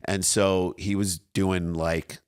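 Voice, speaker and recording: A man's voice: deep voice, little pitch movement, smooth, dry recording, studio quality. A man in his fifties, a comedian and podcast guest, chatting casually and jumping in to finish sentences. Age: 50s. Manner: quick interjections, finishing his brother's sentences.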